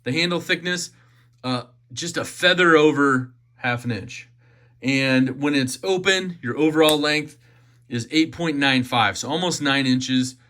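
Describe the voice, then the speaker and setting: A man's voice: a little high, a little slow, fairly bright tone. A man giving a chatty, enthusiastic knife unboxing review, often repeating his phrases.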